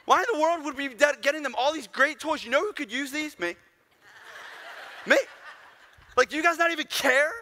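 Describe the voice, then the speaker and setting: A man voicing a jealous six-year-old boy who complains in a high, strained voice. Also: fairly quick, long pauses, sharp tone, a little hiss or hum. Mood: indignant.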